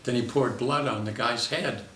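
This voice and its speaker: An older man, a veteran character actor, telling lively anecdotes from his career in an interview and acting out the voices in his stories. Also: medium pitch, normal speed, reverberant, recorded from a distance, a little hiss or hum.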